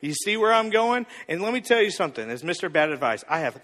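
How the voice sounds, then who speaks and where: A man's voice: high-pitched, sing-song, fast, a bit bright, slight background noise. A man playing a cocky, smug advice guru who teases and drills the audience. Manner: mock-confident, teasing, drills the audience. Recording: reverberant hall.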